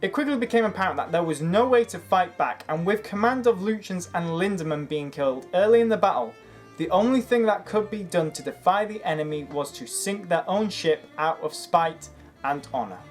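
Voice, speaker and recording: History youtuber narrating, argues his point, soft music behind, mid pitch. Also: lively intonation, a little fast. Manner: earnest, argumentative, making a case. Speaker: history video creator.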